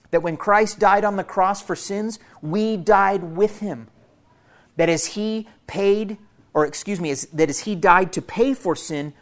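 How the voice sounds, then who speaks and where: A man preaching a sermon to his church in an earnest, teaching manner, repeating key phrases for emphasis and speaking to listeners as family. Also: high-pitched. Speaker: pastor.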